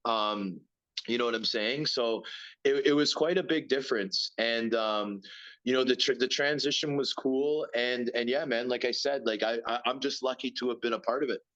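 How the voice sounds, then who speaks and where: A man's voice: mid-range voice, normal speed, fairly bright tone. A man in his thirties chats as a guest about his hockey career. He rambles, stumbles over repeated words and leans on fillers. The recording sounds dull and lo-fi. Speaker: guest, former pro hockey player. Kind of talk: casual interview chat.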